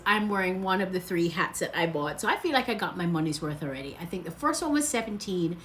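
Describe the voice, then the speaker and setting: A woman's voice: lowish voice, expressive, a little fast, hardly any pauses, a little hiss or hum. A woman chatting on a casual livestream, gushing and rambling, laughing often and sounding close to tears. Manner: rambling, loses her train of thought. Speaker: travel vlogger.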